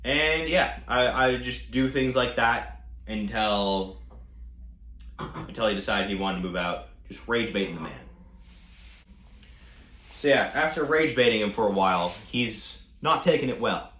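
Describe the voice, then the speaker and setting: A man's voice: fairly low pitch, a little slow, long pauses, bright, forceful tone, roomy sound. Mocking, profane storytelling man. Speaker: storytime vlogger. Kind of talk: casual storytelling rant.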